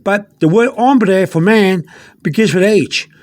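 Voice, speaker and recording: A man with a high voice gives a loose, unscripted video lesson. He rambles and stops often on fillers, says the same words twice, and slows right down to sound out foreign words. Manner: spells out Spanish words slowly. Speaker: Spanish teacher.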